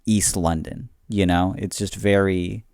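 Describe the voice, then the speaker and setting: A man's voice: deep voice, fairly even intonation, a little slow, a little mellow, clean tone, no echo. A man co-hosting a podcast, talking casually in a reflective, rambling way with lots of fillers. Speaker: podcast co-host. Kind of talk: casual chat.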